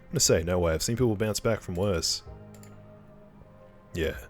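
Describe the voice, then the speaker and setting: A man's voice: deep voice, moderate pace, soft background music. A man casually commenting while playing a visual novel, joking and self-mocking.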